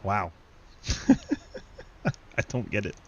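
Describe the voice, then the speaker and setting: A man giving live, joking play-by-play commentary on an online race, laughing often and getting excited at crashes. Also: on the low side, very slow, gravelly, a little hiss or hum. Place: home setup, online sim race broadcast.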